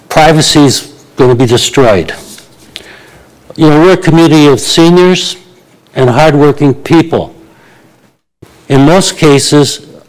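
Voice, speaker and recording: An elderly man in his eighties speaks to a council meeting with blunt indignation. He hesitates with frequent fillers, and his voice sits at a middling pitch. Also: low-quality recording. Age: 80s. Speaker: resident speaking at a public meeting. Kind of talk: public delegation to council.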